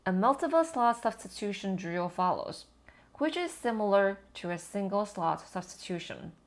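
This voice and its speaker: A woman educator giving a scripted lesson on language teaching, with measured, explanatory delivery. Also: medium pitch, big pitch swings. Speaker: TESOL educator.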